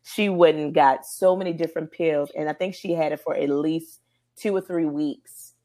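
A woman co-hosting a podcast, telling stories in an animated, emphatic way during casual chat. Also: low-pitched, normal speed. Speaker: podcast co-host.

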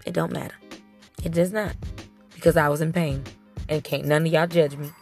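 A young woman tells her viewers a story in a casual, emphatic way. Her voice sits a little low. Soft music plays faintly underneath. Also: normal speed. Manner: emphatic and animated, talks straight to the audience. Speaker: vlogger telling her labor story.

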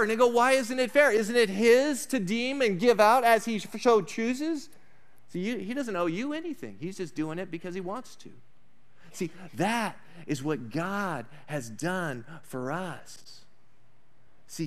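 High-voiced man preaching a sermon. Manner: emphatic preaching, rises and falls in pitch and volume, slows on key points. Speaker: pastor.

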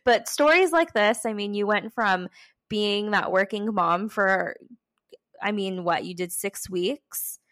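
A woman's voice: medium pitch, takes it slowly, no echo. Young woman hosting her podcast, super enthusiastic, very dry close sound. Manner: warm, enthusiastic, frequent "wow" and laughs. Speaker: podcast host. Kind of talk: casual chat.

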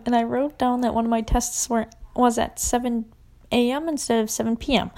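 A woman's voice: a little high, darkish tone. A young adult woman telling a casual story, rambling and swearing, full of "like", often dropping to a whisper.

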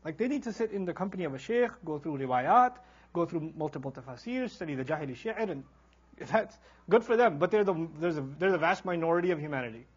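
A man giving a humorous Quran lecture as a teacher, animated and acting out characters as he tells stories. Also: a little high, fast, husky, lo-fi sound. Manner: animated storyteller, acts out quoted characters. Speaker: Islamic teacher.

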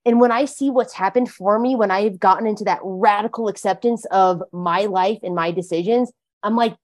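A woman's voice: mid-range voice, fairly quick, few pauses, a little mellow. Earnest woman sharing her recovery story. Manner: earnest, heavy use of "like" fillers. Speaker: podcast guest. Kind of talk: casual conversation about recovery.

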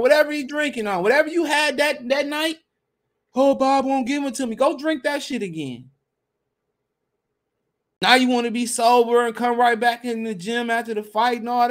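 A man hosting a podcast, ranting in a heated, profane, repetitive way. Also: very high-pitched. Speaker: podcast host. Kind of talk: casual podcast rant.

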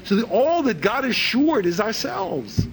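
Animated, lively-voiced man teaching religion. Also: unhurried, low-quality recording. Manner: animated, repeats words while searching for phrasing; acts out quoted speakers in a higher voice. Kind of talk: informal religious lecture.

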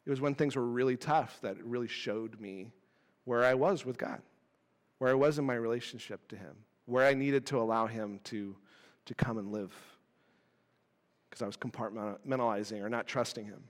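A man in his thirties preaching a casual, animated sermon with self-deprecating asides. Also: medium pitch, normal speed, in a large hall. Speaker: pastor. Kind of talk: conversational sermon.

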